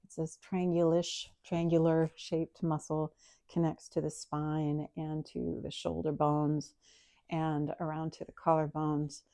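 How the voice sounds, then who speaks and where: A woman yoga teacher guiding a breathing practice in a calm, soft-spoken, explanatory way. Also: low-pitched, unhurried, creaky, no echo. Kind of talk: guided breathing and yoga instruction.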